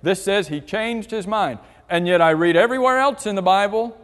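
A man's voice: high voice, a little fast, hardly any pauses. A man teaching a church Bible class, asking the class questions and reading scripture aloud. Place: church hall. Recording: long hall reverb.

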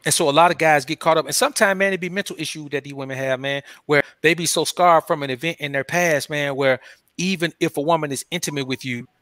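Brief: male interview guest, loose slangy storyteller, fairly high bright voice. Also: steady tone, fast, no echo, studio quality. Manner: loose, slangy storytelling, says "man" constantly. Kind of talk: casual interview talk.

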